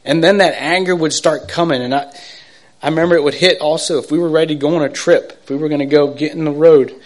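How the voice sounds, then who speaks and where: Middle-aged guy telling his testimony, halting, repeats himself, voice a bit on the high side. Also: fairly even intonation. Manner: halting, repetitive, swings from urgent to hushed. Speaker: testimony speaker. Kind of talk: emotional personal testimony.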